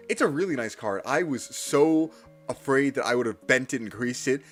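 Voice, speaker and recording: A man chatting casually on a live stream while practicing Japanese kana, self-deprecating and nervously energetic. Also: on the low side. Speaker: livestreamer studying Japanese kana.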